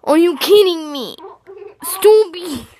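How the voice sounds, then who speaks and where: A woman putting on a jealous young woman who wails and shouts in mock tears. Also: very high-pitched, animated, takes it slowly, slight background noise, pitched above the performer's own voice, exaggerated voice. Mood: wailing jealous. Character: shrieking jealous young woman, sobbing and furious.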